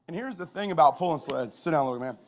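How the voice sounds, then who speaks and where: A middle-aged man, a football coach, giving a conversational storytelling talk at a chapel, lively and full of restarts. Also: on the high side, fast, a little hiss or hum.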